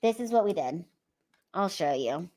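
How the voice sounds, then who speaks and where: A woman's voice: on the low side, expressive, moderate pace, mellow. A young woman chatting casually on a livestream, tearful and emotional, rambling and swearing freely. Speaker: comedian livestreaming to fans.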